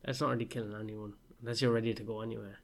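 A man in casual conversation, joking in a sarcastic, deadpan way. He co-hosts a podcast with a friend. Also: on the low side, racing, vocal fry. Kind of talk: casual chat.

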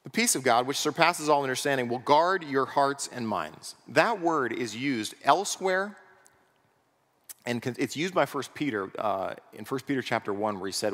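A pastor preaching a sermon in a conversational way, often checking in with the congregation through rhetorical questions. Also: male voice, mid-range voice, animated, normal speed, fairly bright tone. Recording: long reverb of a large hall.

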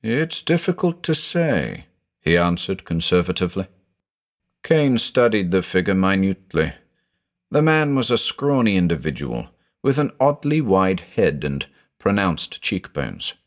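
A man narrating a scripted audio mystery drama in a dramatic, expressive storytelling manner. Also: sits low, measured pace.

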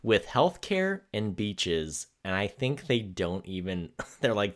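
Lively low-voiced guy joking around. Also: measured pace, few pauses. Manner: animated, laughs often, mock voices. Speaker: podcast co-host. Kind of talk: casual comedic banter.

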